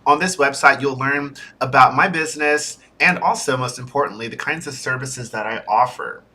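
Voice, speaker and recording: A young man with a bright, forward voice chats on a home stream in a loose, easygoing way. He drifts off topic and fills his pauses with ums and uhs. He sounds like he is talking at his desk mic in a home setup. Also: mid-range voice. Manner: chatty and easily sidetracked, with fillers. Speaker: software developer streaming a build-in-public series. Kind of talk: casual livestream talk.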